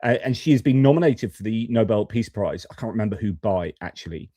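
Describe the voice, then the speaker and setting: Male stream host, lowish voice, mellow tone, chatty and opinionated commentary. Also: lively intonation, brisk, no echo. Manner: chatty, opinionated, frequent fillers. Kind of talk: geopolitics live stream commentary. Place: home studio.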